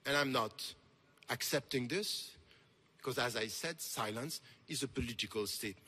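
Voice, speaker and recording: A man's voice: mid-range voice, lively intonation, normal speed, breathy edge. A man, giving an impassioned, emphatic conference lecture. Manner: impassioned, emphatic, rising to forceful peaks. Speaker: speaker. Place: large lecture hall.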